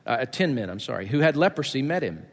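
A man's voice: medium pitch, sing-song, quick pace. A male pastor preaching a sermon in a conversational, joking way with many fillers. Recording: echoey hall.

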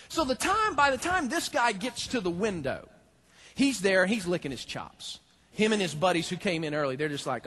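Animated, husky-voiced pastor preaching. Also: male voice, high voice, a little fast. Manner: animated, talks straight to the congregation. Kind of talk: sermon.

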